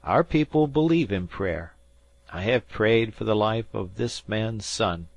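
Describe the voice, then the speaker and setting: A man voicing a grave, dazed older man of faith who speaks formally and slowly. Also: on the low side, lively intonation, vocal fry, dry recording, pitched above the performer's own voice, full character voice. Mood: solemn. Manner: solemn, formal, measured.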